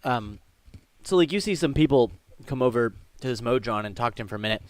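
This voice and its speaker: A man's voice: medium pitch, lively intonation, fast, no room sound. Man narrating as game master, dry sound. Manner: rambling, many fillers and restarts while describing scenes.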